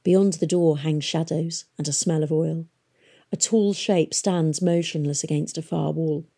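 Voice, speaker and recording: A woman narrating an audiobook in a steady, expressive storytelling manner. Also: sits low, unhurried, gravelly, husky.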